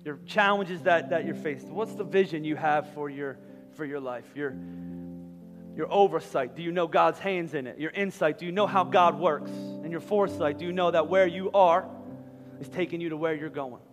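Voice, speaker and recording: A man's voice: a little high, normal speed. A man preaching a sermon as pastor, leading the congregation in prayer with impassioned, rising intensity. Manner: impassioned preacher, rising to loud fervent peaks. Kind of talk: sermon with altar call prayer. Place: large church auditorium. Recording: long hall reverb with soft guitar behind.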